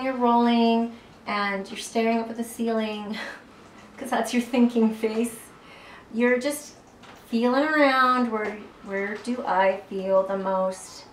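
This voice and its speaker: A woman from South Carolina with a faint Southern accent, chatting playfully as she leads a floor stretching workout while rolling on a tennis ball. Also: fairly high pitch. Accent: faint Southern American, mostly lost. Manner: chatty and playful, breaks off to chat mid-exercise. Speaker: fitness instructor. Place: echoey room, away from the mic. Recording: roomy echo, distant mic, faint hiss.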